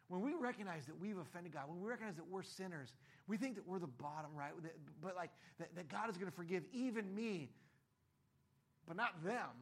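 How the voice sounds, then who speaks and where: A man with a high, husky voice preaches a sermon. He talks in a loose, conversational way and now and then slips into the voices of the people in his stories. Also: fairly bright tone. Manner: conversational, acts out voices in quotes. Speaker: pastor.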